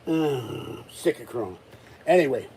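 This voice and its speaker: Husky, exasperated rambling man. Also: medium pitch, lively intonation, unhurried, darkish tone, low-quality recording. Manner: exasperated, rambling rant with many restarts. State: still recovering from illness. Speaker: vlogger. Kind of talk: rambling live-stream chat.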